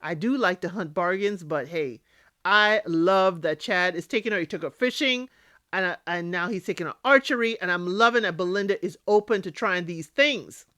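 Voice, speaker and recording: A woman's voice: lowish voice, moderate pace, a bit bright, dry recording. Emphatic woman recapping reality TV, dry sound. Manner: emphatic, scolds the cast directly, often tags 'okay?'. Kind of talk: casual spoken recap and commentary.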